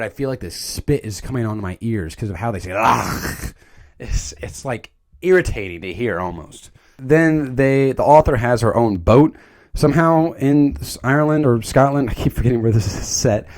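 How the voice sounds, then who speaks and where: A man's voice: medium pitch, expressive, a little fast, darkish tone. A young man giving a casual, joking movie recap, rambling and stumbling over his words. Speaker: video creator recapping a movie.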